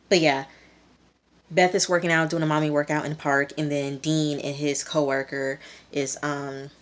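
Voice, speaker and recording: A young woman giving a chatty, rambling recap of a TV episode, full of fillers and quoted lines. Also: sits low. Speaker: TV reviewer.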